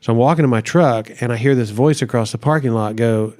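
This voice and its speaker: A man's voice: mid-range voice, quick pace, few pauses, darkish tone. A middle-aged man and pastor telling a story in a casual interview, acting out quotes and laughing often.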